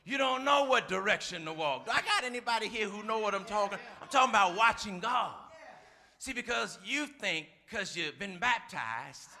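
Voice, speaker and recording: A preacher with a high, gravelly voice that rings very bright and forceful. He works the congregation with call-and-response, booming one moment and dropping to a soft aside the next. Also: lively intonation, normal speed. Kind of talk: sermon.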